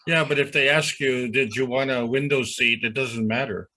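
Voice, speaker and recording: A man's voice: mid-range voice, fairly even intonation, normal speed, pushed and bright, low-quality recording. A man joining a casual conversation with joking asides.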